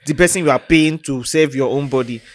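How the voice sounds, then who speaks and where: A woman, co-hosting a podcast in casual chat, blunt and outspoken and quick to react. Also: extremely low pitch. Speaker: podcast co-host.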